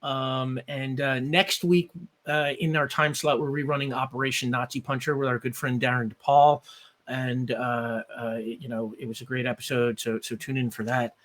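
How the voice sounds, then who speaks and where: A man's voice: medium pitch, flat delivery, moderate pace, a bit bright. A man running a tabletop game as game master, narrating in a rambling way with many fillers.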